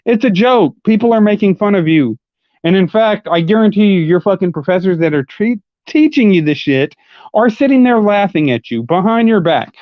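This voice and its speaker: A man's voice: high-pitched, expressive, normal speed, no room sound. Profane combative man, muffled dry audio. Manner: argumentative, mocking. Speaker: livestream commentator. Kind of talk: live-stream rant.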